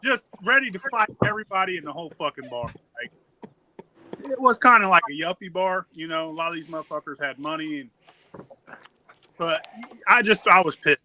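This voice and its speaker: A man co-hosting a podcast, telling crude stories with animated, profane energy and acting out what people said. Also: fairly high pitch, moderate pace, pauses often, slight background noise. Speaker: podcast co-host. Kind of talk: casual storytelling.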